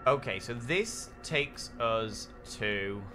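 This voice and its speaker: A man's voice: mid-range voice, expressive, slow pace, music in the background. A young man streaming a video game, bantering playfully and swearing freely as he chats to his viewers. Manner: playful, cheeky, profane banter with chat. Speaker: gaming streamer. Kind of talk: casual live-stream commentary.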